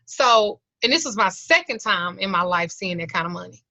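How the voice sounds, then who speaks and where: Earnest woman telling a personal story, bright voice. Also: mid-range voice, animated, normal speed, no room sound. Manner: candid, colloquial, earnest storytelling. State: close to tears. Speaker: occult class teacher. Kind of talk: emotional personal testimony. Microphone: video call. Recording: slightly lo-fi video call audio.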